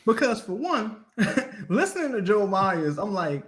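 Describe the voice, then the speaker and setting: A man co-hosting a sports podcast in casual talk, animated and laughing often. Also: high-pitched, unhurried. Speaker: podcast co-host.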